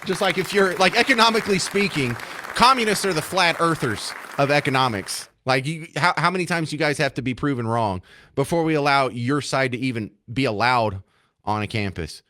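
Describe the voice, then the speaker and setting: A man's voice: a little high, brisk, no echo, some chatter behind. A man hosting a talk radio show, delivering an opinionated, sarcastic monologue. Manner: sarcastic, mocking, animated.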